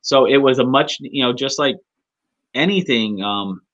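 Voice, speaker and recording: A man co-hosting a relaxed talk show, chatting loosely and laughing easily between thoughts. His voice sits at a middle pitch. The sound comes through a bit dull and lo-fi, like a remote call. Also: a little slow. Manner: chatty, laughs often, many restarts. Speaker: podcast co-host. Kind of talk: casual chat.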